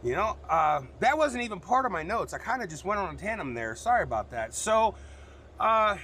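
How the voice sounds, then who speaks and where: A man's voice: high voice, sing-song, a little fast, bright, forceful tone, a little hiss or hum. A man from the United States, a truck driver, talking frankly and rambling in a casual vlog, with plenty of cussing. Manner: frank, rambling, cusses freely.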